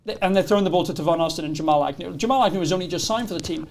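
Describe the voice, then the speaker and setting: A man with a notably high voice, co-hosting a casual podcast chat. He talks in an animated, ranting way, piling up complaints. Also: very fast, gravelly, a little hiss or hum. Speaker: podcast co-host.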